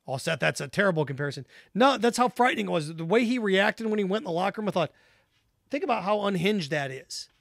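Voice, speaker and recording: A man with a high, bright voice hosts a solo sports talk show. He argues his opinions emphatically and repeats key points to drive them home. The recording is dry and close, with no room sound. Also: no room sound.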